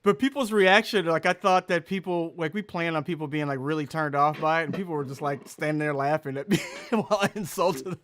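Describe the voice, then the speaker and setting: A man's voice: fairly high pitch, a little fast, few pauses, slight background noise. A male comedian in casual podcast chat, telling stories with lots of laughter. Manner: animated, laughs through his stories.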